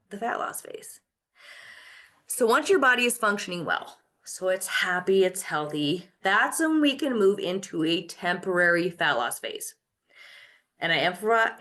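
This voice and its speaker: A woman's voice: on the low side, a bit bright. A middle-aged woman hosting a live online masterclass, coaching her listeners and asking and answering her own questions. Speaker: host.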